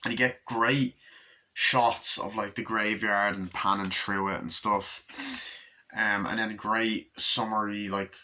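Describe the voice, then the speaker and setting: A man's voice: on the low side, level tone, takes it slowly, bright, forceful tone, a little hiss or hum. A young man giving a casual, rambling movie review, full of swearing and filler words. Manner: rambling, profane, filler-heavy.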